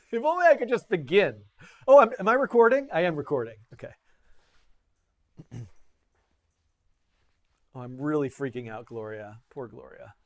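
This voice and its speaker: Chatty, playful coding tutorial host. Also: male voice, a little high, animated, measured pace, pauses often. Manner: playful, self-deprecating, chatty with frequent laughs. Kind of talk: live-streamed coding tutorial.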